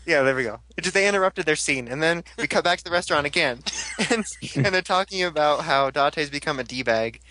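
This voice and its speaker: A young man hosting a casual podcast, recapping an episode with jokes and quick character impressions. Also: fairly high pitch, expressive, sharp tone. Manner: jokey, quick voice impressions of characters, laughs a lot. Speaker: podcast host recapping a show.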